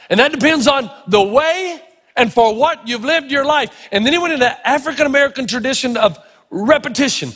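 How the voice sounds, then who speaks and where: A middle-aged man preaching a sermon, telling stories in an animated, playful way. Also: very high voice, fairly quick, in a large hall. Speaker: pastor.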